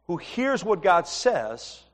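High-pitched middle-aged male pastor. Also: big pitch swings, slow. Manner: conversational, asks the congregation questions; tells personal stories with humor. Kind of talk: sermon.

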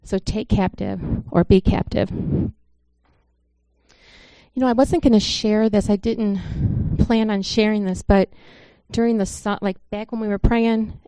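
A woman delivers an informal sermon in a relaxed, storytelling manner. Her voice is mellow and dark, and it sounds close and dry, with no room echo. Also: mid-range voice, clear, resonant tone. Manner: conversational, storytelling, earnest. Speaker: church speaker.

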